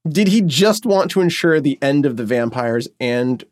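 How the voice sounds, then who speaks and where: A man's voice: medium pitch, expressive, moderate pace, a little mellow, no room sound. A man co-hosting a podcast, chatting casually and asking pointed questions. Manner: inquisitive, asks pointed questions. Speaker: podcast co-host. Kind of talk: casual chat.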